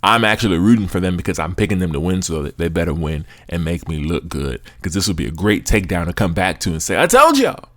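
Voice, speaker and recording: A man's voice: low-pitched, fast, few pauses, dry recording, studio quality. A young American man hosting a sports podcast, talking casually and with animation, with slang and frequent laughs. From United States. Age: young adult. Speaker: podcast host.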